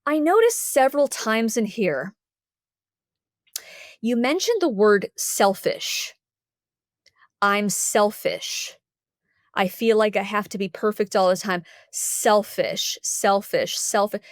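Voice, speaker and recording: A woman voicing a kind, warm middle-aged school counselor who speaks gently and soothingly. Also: mid-range voice, expressive, takes it slowly, long pauses, no room sound, studio quality. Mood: gentle.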